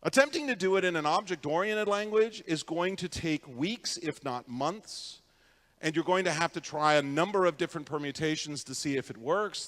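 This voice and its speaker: A man's voice: a little high, fairly bright tone, in a large hall. A man giving a conference keynote, telling stories in a conversational way and putting questions to the audience. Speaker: keynote speaker. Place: conference hall.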